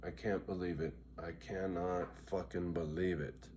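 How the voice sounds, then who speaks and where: A man's voice: low voice, steady tone, measured pace, darkish tone, slight background noise. A tired, loopy middle-aged man vlogging to his viewers in a casual, rambling way, swearing freely and often asking "right?". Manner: profane, chatty, keeps asking "right?". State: worn out and loopy.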